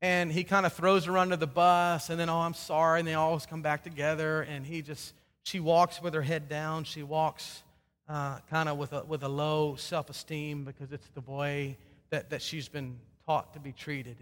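Earnest male pastor in a reverberant hall. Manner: earnest, rising to emphatic peaks and dropping to soft low endings. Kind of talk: sermon.

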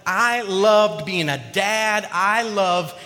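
A man's voice: sits high, extremely slow, sharp tone, faint music behind. A man preaching a sermon to his congregation in a church, conversational and joking with the people in front of him. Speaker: pastor. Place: church sanctuary. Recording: long hall reverb.

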